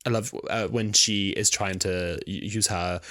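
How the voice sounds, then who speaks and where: A man, co-hosting a casual podcast chat and acting out quotes in high voices. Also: normal speed, no echo, clean studio sound. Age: 20s. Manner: animated, acts out quotes in high put-on voices. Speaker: podcast co-host.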